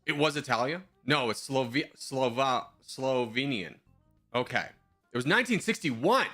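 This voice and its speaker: A man's voice: mid-range voice, a bit bright. A male streamer in casual live-stream commentary, thinking aloud in a chatty, self-mocking way.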